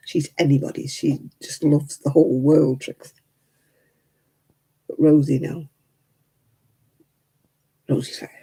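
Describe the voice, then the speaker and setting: A woman in her seventies with a deep, mellow, husky voice and some vocal fry hosts a crafting livestream. She chats casually and rambles, chuckling as she goes. The audio quality is poor.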